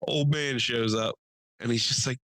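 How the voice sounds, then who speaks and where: Young American male podcast host, bright and crisp, dry mic, loose swearing storyteller. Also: medium pitch, normal speed, no room sound, low-quality recording. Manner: animated, swearing, laughing storyteller doing voices. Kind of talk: casual storytelling chat.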